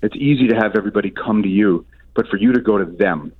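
A man, a guest on a radio show, telling stories in quick, animated casual chat. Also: fairly low pitch, husky, narrow, tinny audio.

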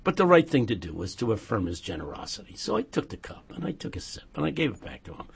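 A man talking as a radio guest, telling stories in an animated, joking way and dropping to a hush for serious points. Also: lowish voice, quick pace, gravelly, husky. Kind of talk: casual chat and storytelling.

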